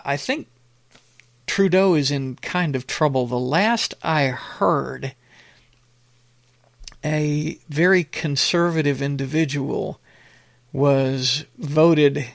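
Gravelly older man, rambling commentary. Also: fairly high pitch, dry recording, studio quality. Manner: rambling, halting with many fillers; blunt and opinionated. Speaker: commentary show host. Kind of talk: casual political commentary.

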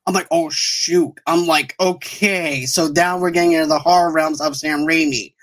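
A woman's voice: deep voice, moderate pace, low-quality recording. Enthusiastic woman in casual chat. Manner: excited, enthusiastic fan talk.

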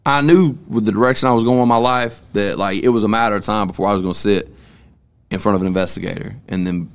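A man's voice: fairly low pitch, steady tone, fast talker. A young man on a casual podcast, telling stories from his school days in loose, slangy talk with plenty of cussing. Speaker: podcast host.

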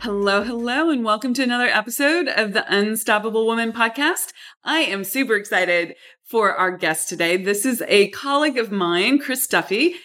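A woman's voice: on the high side, animated, normal speed, fairly bright tone. A woman hosting a podcast interview, talking with enthusiasm and often repeating words. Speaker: podcast host.

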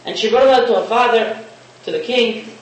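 A man's voice: very high-pitched, moderate pace. A man giving a sermon, telling a parable in a storytelling manner and mixing in Hebrew and Yiddish terms. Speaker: rabbi giving a talk. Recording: echoey room, distant mic, faint hiss.

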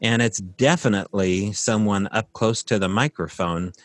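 A man's voice: fairly low pitch, moderate pace, no room sound. A man casually telling a long, rambling story from his rural property, with many fillers and restarts.

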